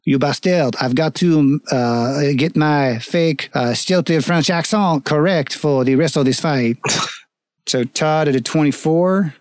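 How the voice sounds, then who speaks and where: A man running a tabletop game as game master, giving brisk, matter-of-fact rulings. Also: fairly high pitch, a little mellow, no echo.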